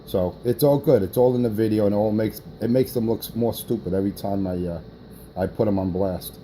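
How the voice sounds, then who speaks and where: A man's voice: lowish voice, brisk, mellow, a little hiss or hum, poor audio. A man talking on a CB radio, boastful and rambling, with many fillers. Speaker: CB radio operator. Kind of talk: radio chatter.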